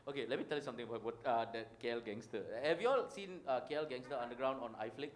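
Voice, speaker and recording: A man with a Malaysian English accent co-hosting a podcast live, telling a story to an audience with energetic jokes. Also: mid-range voice, very fast, a little hiss or hum. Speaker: podcast co-host. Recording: roomy live room with crowd.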